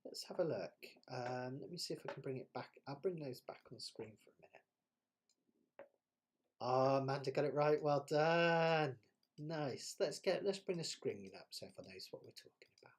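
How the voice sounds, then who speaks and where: A man's voice: mid-range voice, animated, normal speed, slight background noise. A man from the West Country of England with a West Country accent, hosting a live ukulele jam stream in a chatty, self-deprecating way and laughing often. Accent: West Country English. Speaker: ukulele teacher and jam host. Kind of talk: casual live-stream chat.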